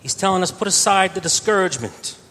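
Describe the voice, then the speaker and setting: A man preaching a sermon earnestly, his voice swelling louder on key phrases. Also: expressive, quick pace. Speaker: pastor. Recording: reverberant church hall with faint rumble.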